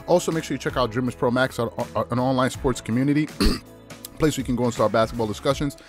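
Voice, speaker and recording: A man hosting a sports talk show, chatting casually with quick, repetitive restarts. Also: medium pitch, faint music behind. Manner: fast, chatty, repeats and restarts phrases. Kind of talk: casual sports commentary monologue.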